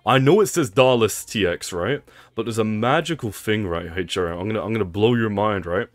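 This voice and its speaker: A man's voice: lowish voice, brisk, no room sound. A young man, commentating a live game stream, teasing chat and laughing often. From England. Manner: playful trash talk, laughs a lot, reads chat aloud.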